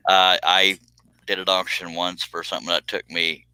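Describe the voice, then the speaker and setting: Bright-voiced joking man on a live stream. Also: low-pitched, flat delivery, moderate pace, clean tone, dry recording. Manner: joking and self-deprecating, says "by God"; talks while working on a cut. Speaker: host of a woodworking live stream. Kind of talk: casual live-stream chat.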